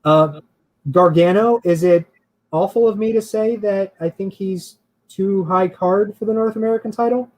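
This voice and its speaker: A man with a notably high voice co-hosts a relaxed chat, talking in a loose, rambling way. He laughs easily and hedges his picks as he thinks out loud. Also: moderate pace, rough recording. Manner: laughs often, hedging and rambling. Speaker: podcast co-host. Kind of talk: casual chat.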